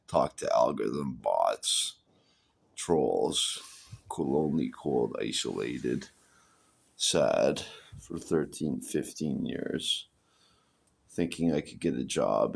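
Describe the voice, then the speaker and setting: Very deep gravelly man rambling. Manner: halting, repeats words, swears often. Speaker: vlogger. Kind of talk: rambling personal monologue.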